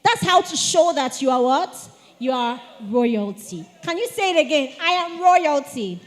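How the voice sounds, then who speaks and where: A woman giving a lively etiquette talk to teenagers at a church retreat, calling on the audience to answer. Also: sits high, normal speed. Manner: animated, asks the audience to respond. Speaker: speaker at a teen church retreat. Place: church hall. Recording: long hall reverb.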